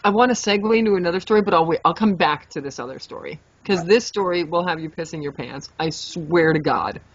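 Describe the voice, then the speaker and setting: A young adult woman co-hosting a podcast, telling a story in a lively, animated way, swearing freely and acting out her own reactions. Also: on the low side, brisk, no echo. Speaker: podcast co-host. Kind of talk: casual storytelling chat. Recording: dull lo-fi podcast mic.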